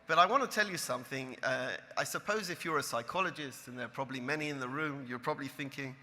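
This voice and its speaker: A man, a rabbi telling stories to an audience in an animated, emphatic way. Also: mid-range voice, quick pace, in a large hall. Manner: animated, building to emphatic peaks. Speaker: rabbi, lecturer. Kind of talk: storytelling talk to an audience.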